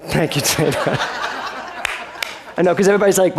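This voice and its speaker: Animated male minister preaching. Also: sits high, brisk, slight background noise. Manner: animated, rising emphatic preaching with playful asides. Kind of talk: sermon.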